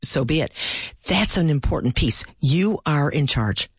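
A woman's voice: deep voice, measured pace, breathy edge, no echo. A middle-aged woman who works in palliative care, speaking earnestly and telling stories with animation in a conversational interview. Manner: animated storyteller, earnest and direct.

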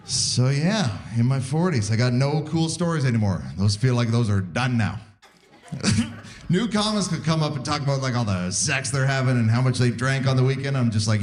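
A man's voice: medium pitch, normal speed. A man in his forties doing a wry stand-up set on stage, acting out little voices. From Canada. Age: 40s. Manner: wry, animated, acts out voices. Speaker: stand-up comedian. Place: live comedy venue with audience.

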